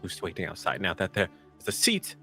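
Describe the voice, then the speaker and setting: A man's voice: low voice, wildly swooping pitch, a little fast, bright, forceful tone, soft background music. A man playing a tabletop game, speaking in character with formal, courteous phrasing and small stammers. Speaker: player. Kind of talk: in-character role-play.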